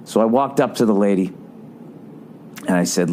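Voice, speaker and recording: A man hosting a podcast, telling a rambling comic story with animated, profane ranting. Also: lowish voice, moderate pace, a little hiss or hum. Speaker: podcast host.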